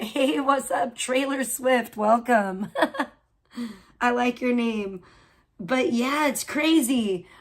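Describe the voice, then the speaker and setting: Female streamer, casual chatty commentary, slightly high voice, laughs often. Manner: chatty, laughing, greets chat viewers. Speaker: livestream host.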